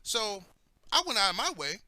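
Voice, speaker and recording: A man's voice: high voice, sing-song, moderate pace, bright, forceful tone, no echo. A man telling personal stories in a blunt, heated way, cursing heavily as he talks. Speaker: commentator. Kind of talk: profane personal storytelling.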